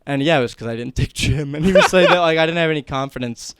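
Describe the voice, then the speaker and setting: A man's voice: fairly high pitch, quick pace, heavy background noise. A man from northern New Jersey telling rambling stories in casual podcast chat, often laughing mid-sentence. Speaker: podcast guest.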